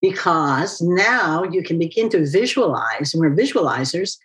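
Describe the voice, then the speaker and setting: Woman interviewer, mid pitch, long thoughtful questions, chatty. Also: animated, a little slow, rough recording. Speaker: interview host and author. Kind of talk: interview conversation.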